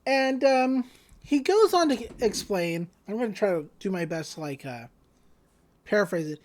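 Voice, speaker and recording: A woman's voice: medium pitch, lively intonation, normal speed, darkish tone. A woman co-hosting a podcast, casually retelling anime scenes with lots of fillers and "she's like" quotes. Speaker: podcast co-host.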